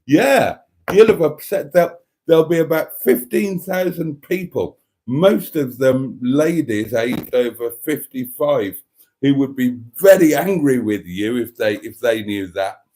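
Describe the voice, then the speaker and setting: A man's voice: medium pitch, expressive, unhurried, dark tone. A man with a Welsh accent hosting a casual live stream, chatty and self-mocking, laughing often.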